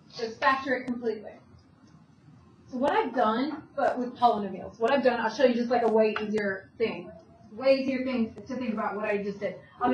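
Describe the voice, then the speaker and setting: Woman teacher, high voice, brisk step-by-step classroom lecture, recorded from across an echoey room. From Italian heritage. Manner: brisk, talks students through steps with questions. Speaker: math teacher. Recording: echoey classroom, voice from far off, faint hum.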